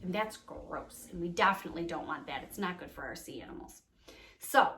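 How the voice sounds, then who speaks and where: A young woman teaching a remote lesson to small children, cheerful and encouraging, speaking slowly and clearly. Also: mid-range voice, fairly bright tone. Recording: echoey room.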